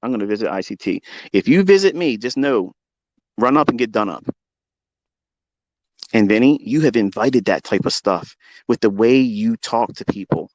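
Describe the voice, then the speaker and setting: A man talks off the cuff in a live audio room, cursing freely and daring his critics with boastful swagger. His voice sits at an ordinary middle pitch and sounds dry, with no room echo. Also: lively intonation, moderate pace, pauses often, a little mellow. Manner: profane, confrontational, boastful. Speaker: trading mentor hosting a live audio room. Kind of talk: unscripted live audio rant.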